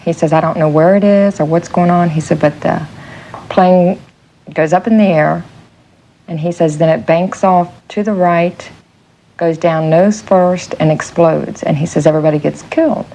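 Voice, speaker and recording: A woman's voice: fairly low pitch, normal speed, slight background noise, low-quality recording. A woman being interviewed, animatedly retelling what she witnessed, quoting the conversations. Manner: animated retelling with quoted speech. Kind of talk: casual interview recollection.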